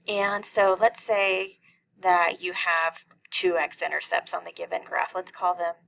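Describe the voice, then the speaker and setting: A woman's voice: on the low side, flat delivery, measured pace, gravelly, fairly bright tone, low-quality recording. A middle-aged woman teaching a calculus lesson, explaining each step and asking questions that she then answers herself. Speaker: math teacher.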